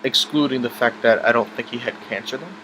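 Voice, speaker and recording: A young man recounting a painful family memory, stumbling and restarting as he goes. His voice sits at an ordinary middle pitch, with a steady hum of air conditioning clearly audible behind him in a noisy room. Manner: halting, emotional, many restarts and fillers. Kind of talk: personal storytelling vlog.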